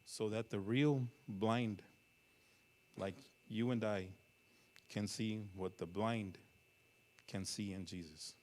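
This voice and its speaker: A man's voice: on the low side, fairly even intonation, takes it slowly, pauses often. Man preaching a dramatic sermon. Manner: dramatic storytelling with sudden loud and hushed passages; asks the congregation questions. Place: church sanctuary.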